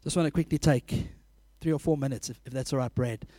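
A man preaching a sermon, telling animated stories, laughing often and acting out scenes. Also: medium pitch, brisk, no room sound.

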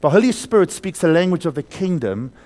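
With a somewhat high, sing-song voice, the preacher shifts from forceful emphasis to hushed, slower passages, posing questions to the congregation and leading them in repeating words.

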